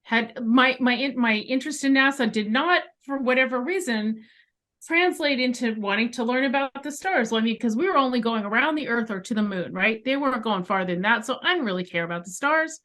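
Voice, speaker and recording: This is a woman with a somewhat high voice. She is a guest on an interview show, relating a personal experience from her home bedroom. She lands emphatic asides as she goes and keeps the story animated. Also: a little fast. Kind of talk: storytelling in a conversation.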